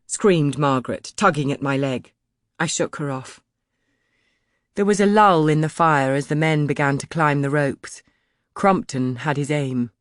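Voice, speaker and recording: A woman narrating an audiobook in the first person, dramatic and building to loud shouts in the dialogue. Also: low voice, dry recording, studio quality.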